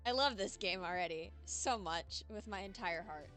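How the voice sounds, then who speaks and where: A woman streaming a courtroom game, reading the dialogue aloud and chatting excitedly between lines. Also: mid-range voice, measured pace, long pauses, faint music behind. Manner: chatty, excitable, giggly asides. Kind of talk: casual let's-play commentary, reading lines.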